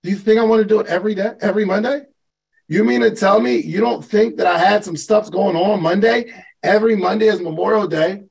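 A man's voice: high voice, a little fast, creaky, poor audio. A man hosting a live call, giving a conversational motivational talk as a business coach and putting questions to his listeners. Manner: conversational, asks the listeners questions, repeats for emphasis.

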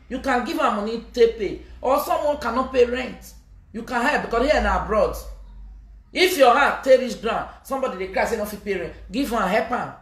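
A woman's voice: on the high side, a bit bright, roomy sound. A woman with a Nigerian accent delivering a scolding, emphatic vlog message to her fans, often slipping into Pidgin. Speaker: social media personality addressing fans.

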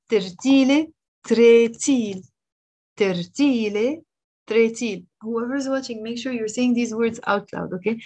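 A woman's voice: fairly high pitch, darkish tone. A woman with a Lebanese accent, a native speaker of Lebanese Arabic, giving a casual language lesson and often checking in with "okay?".

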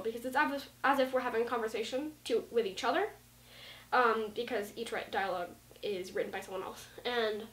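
A woman's voice: on the high side, fairly bright tone. A woman vlogging in a casual, rambling way, full of likes and ums, acting out lines of dialogue as she goes. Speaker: vlogger talking about writing. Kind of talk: casual rambling talk to camera. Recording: roomy sound from a distant mic.

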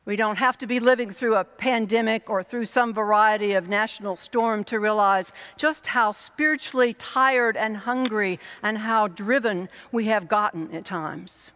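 A woman pastor gives a thoughtful, measured sermon. Her voice sits at a middle pitch and rings with the long reverb of a church hall. She stacks up her points in lists and repeated phrases. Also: a bit bright. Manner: reflective, measured preaching with lists and repetition.

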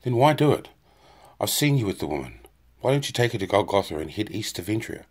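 A weary, proud male hunter with a deep, low voice, read by a man. He speaks tersely and grimly, with blunt, earnest questions. It is a plain audiobook dialogue voice, not a showy one. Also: big pitch swings, a little mellow. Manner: terse, measured, grim.

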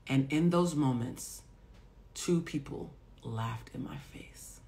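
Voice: medium pitch, takes it slowly, creaky, a little mellow, a little hiss or hum. A life coach talking to viewers in a casual live stream, blunt and emphatic, with plenty of swearing. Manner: emphatic, blunt, profane, talks straight to viewers. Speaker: life coach and psychic reader.

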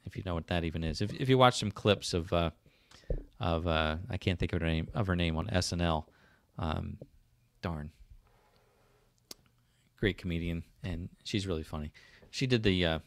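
South jersey guy hosting a livestream, lowish voice, lots of ums and restarts, dry sound. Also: a bit bright, no room sound. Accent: South Jersey / Philadelphia. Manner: rambling, many fillers and restarts, reads viewer comments aloud. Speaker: livestream host. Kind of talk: casual livestream chat.

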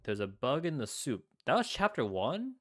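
A man's voice: mid-range voice, huge pitch swings, normal speed, fairly bright tone, dry recording, clean studio sound. A man streaming a game, joking and thinking aloud as he plays. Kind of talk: game commentary.

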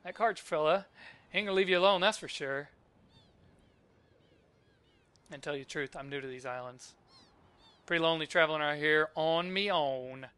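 A man's voice: a little high, brisk, pushed and bright, clean tone. A man voicing a spunky, cocky young female thief in a video game, teasing and brash.

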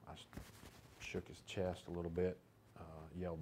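Very deep, flat-voiced sheriff. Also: male voice, moderate pace, slight background noise. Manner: reflective, hesitant with fillers. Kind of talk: documentary interview recollection.

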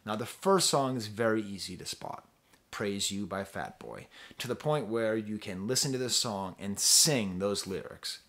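A man's voice: animated, a little slow, fairly bright tone. A man casually reviewing an album, rambling, interrupting himself and trailing off as he thinks aloud. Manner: rambling, self-interrupting, sings snippets in falsetto. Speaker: music reviewer.

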